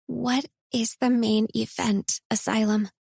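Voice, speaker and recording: A woman narrating a first-person romance audiobook in a measured, intimate reading. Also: a little high, flat delivery, creaky, a little mellow, breathy edge, no room sound, clean studio sound.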